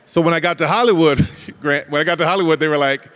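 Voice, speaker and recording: A man's voice: on the high side, quick pace, smooth. Storytelling man in a reverberant hall. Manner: animated storyteller who acts out dialogue and laughs often. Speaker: guest. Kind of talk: storytelling interview.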